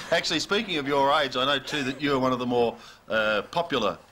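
A man hosting a television interview with a bright, forceful voice. He keeps things playful and jokey, teasing his guest. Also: mid-range voice, normal speed, slight background noise. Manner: playful, laughs along. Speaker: TV host. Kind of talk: light-hearted TV interview.

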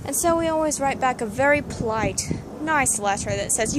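A woman giving a casual, sarcastic garden tour outdoors in her backyard, with deadpan asides. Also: high-pitched, moderate pace, background noise. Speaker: vlogger. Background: neighbor's dog barking.

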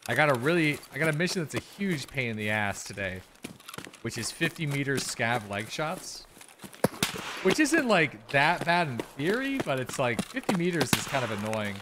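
A man's voice: mid-range voice, moderate pace, very noisy. A man casually commenting while playing a shooter, chatting with viewers and swearing freely. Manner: relaxed, chatty, swears often, reads chat aloud. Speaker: streamer playing a shooter game.

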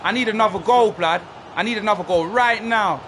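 A man reacting live to a football video game, ranting, swearing and yelling at his players. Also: high voice, brisk, slight background noise. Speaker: gaming YouTuber.

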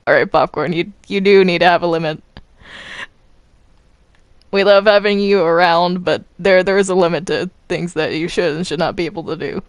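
A woman voicing a patient cartoon ink creature in a Minecraft role-play, coaxing and gently scolding. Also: fairly low pitch, steady tone, normal speed, no echo, natural voice.

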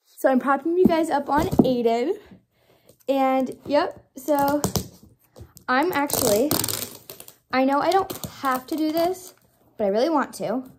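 A young woman unboxing a doll for her vlog, gushing and squealing with excitement and repeating exclamations. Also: high-pitched, unhurried, pauses often, background noise. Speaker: doll collector vlogger.

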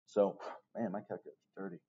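Low-voiced man giving a casual lecture. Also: flat delivery, fast talker, a little hiss or hum. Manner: casual, jokey asides, keeps checking with "okay?". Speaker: chemistry teacher. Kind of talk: recorded classroom lecture. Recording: dull lo-fi recording.

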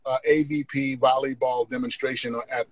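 A male comedian guest telling funny stories on a podcast, lively and acting out the people in them. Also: medium pitch, normal speed, rough recording. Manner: lively, laughing, acts out voices. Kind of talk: animated storytelling.

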